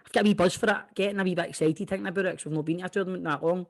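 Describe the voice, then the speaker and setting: A man's voice: high-pitched, steady tone, very fast. A Scottish man hosting a football podcast, bantering, swearing and laughing easily with the guest. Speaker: podcast host. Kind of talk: casual podcast chat.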